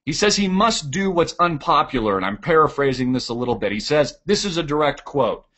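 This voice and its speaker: A man's voice: a little high, animated, fairly quick, a bit bright. A man giving a sarcastic, ranting political commentary. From United States. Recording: dull lo-fi audio.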